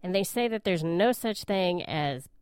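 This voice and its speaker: A woman's voice: fairly low pitch, animated, measured pace, darkish tone, smooth, dry recording. A woman co-hosting a comedy podcast, tipsy on wine and tossing in dry wisecracks. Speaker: podcast co-host. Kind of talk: casual comedic chat.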